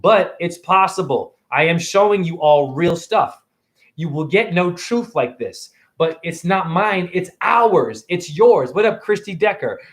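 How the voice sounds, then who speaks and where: A man's voice: sits high, expressive, unhurried. A man in his forties preaching and ranting to his audience on a phone livestream, combative and swearing, often firing questions at viewers. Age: 40s. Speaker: livestream host. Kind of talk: rambling livestream monologue.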